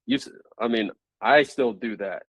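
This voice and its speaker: A man interviewing a guest in a relaxed, agreeable casual chat. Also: mid-range voice, moderate pace, dry recording.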